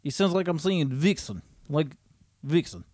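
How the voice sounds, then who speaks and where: A man's voice: on the high side, big pitch swings, unhurried, darkish tone, dry recording. A man playing a blunt, stubborn Russian man in a comedy sketch, with a put-on Russian accent and clipped broken English. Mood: stubborn, puzzled.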